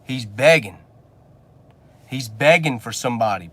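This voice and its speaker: Male vlogger, slightly higher voice, blunt motivational preacher, in a car. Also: animated, moderate pace, fairly bright tone. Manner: blunt and preachy, swears casually. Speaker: business coach and channel host. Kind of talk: motivational rant.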